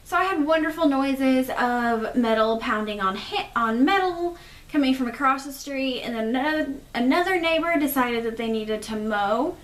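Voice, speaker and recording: A woman's voice: high voice, lively intonation, moderate pace, echoey room. A young woman hosting her podcast in a casual chat, a little stuffy from allergies, rambling with fillers. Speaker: podcast host.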